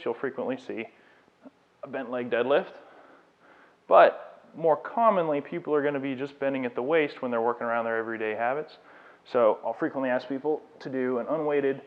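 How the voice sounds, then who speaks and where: A man who is a fitness trainer, giving a live demonstration lecture and coaching a client through exercises. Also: mid-range voice. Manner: coaching instructions, encouraging and explanatory. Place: fitness studio. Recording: tinny phone-like sound.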